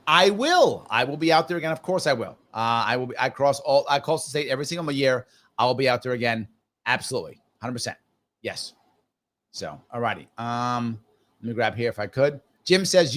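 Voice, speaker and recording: A man hosting a live stream, reading viewer comments aloud and riffing on them. He talks in a chatty, upbeat way and often repeats himself. His voice sits a little high and swings widely in pitch. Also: very animated, brisk, a bit bright. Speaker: host.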